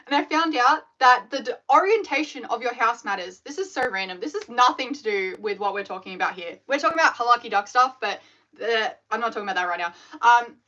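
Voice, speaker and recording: Woman, animated chatty live-streamer, bright tone, muffled lo-fi audio. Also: fairly high pitch. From Australia. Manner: chatty and animated, filler-heavy storytelling. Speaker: scrunchie maker hosting a live stream. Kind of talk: casual live-stream chat.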